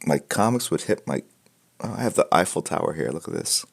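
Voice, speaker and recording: Speaking to a live stream audience as host of an art portfolio critique, a man with a very deep voice and a rough, gravelly edge chats casually, animated and brisk. He rambles, jokes, restarts sentences and uses plenty of fillers, wearing headphones in a home room filled with comic books.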